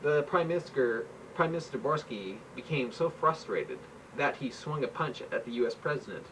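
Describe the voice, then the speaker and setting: A man's voice: medium pitch, lively intonation, moderate pace, fairly bright tone. A man reading his own stories aloud at home, in a plain manner with small slips and restarts. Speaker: amateur writer reading his own work. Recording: faint hiss, mic far off.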